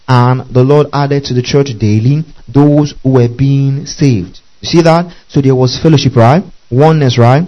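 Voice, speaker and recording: A male preacher with a warm, mid-range voice reads scripture aloud and explains it in a Bible teaching sermon, on dull-sounding audio. He repeats key words and constantly checks in, asking "okay?" and telling listeners to "underline that."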